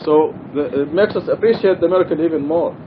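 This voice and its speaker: Earnest man teaching, slightly high voice. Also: a little fast, highs cut off, background noise. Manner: earnest, emphatic, repeats key points. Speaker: Quran study teacher. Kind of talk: religious study lecture. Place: mosque.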